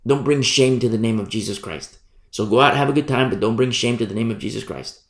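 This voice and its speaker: A male pastor preaching a sermon, acting out grumbling church members in a conversational, animated way. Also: mid-range voice, reverberant. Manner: animated, acts out congregation's grumbling.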